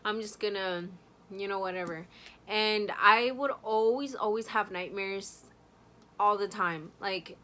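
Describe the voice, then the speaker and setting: A woman's voice: medium pitch, measured pace, pushed and bright. A young woman vlogger casually telling a personal scary story to her viewers, full of fillers and asides. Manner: chatty, many fillers, addresses viewers directly.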